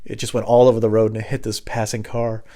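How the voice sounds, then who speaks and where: A man telling rambling comic stories in a casual monologue, often slipping into high voices for the people in them. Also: little pitch movement, fast talker, dark tone. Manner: rambling, acts out high-voiced phone characters.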